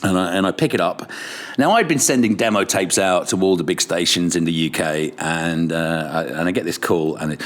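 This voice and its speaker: A man's voice: sits low, brisk. A middle-aged man, a radio presenter, telling stories in casual chat, swearing, laughing and acting out what others said. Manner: swearing, laughing storyteller who acts out quotes. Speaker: radio presenter, podcast guest.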